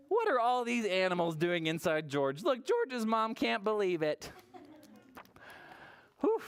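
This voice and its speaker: A librarian leading toddler story time, an animated, encouraging woman who reads aloud and asks the children questions. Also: medium pitch, takes it slowly. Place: public library.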